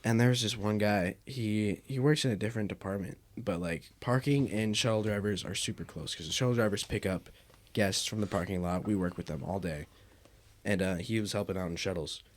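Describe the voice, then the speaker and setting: Young man, low voice, relaxed rambling podcast talk. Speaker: podcast co-host. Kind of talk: casual chat.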